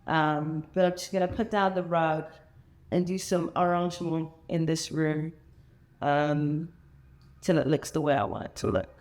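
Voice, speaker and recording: A woman's voice: low voice, fairly even intonation, measured pace, a little mellow. A young woman vlogging casually from her apartment, chatty and enthusiastic with lots of fillers. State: out of breath. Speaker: lifestyle vlogger. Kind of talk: casual vlog chat. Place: her apartment living room, indoors.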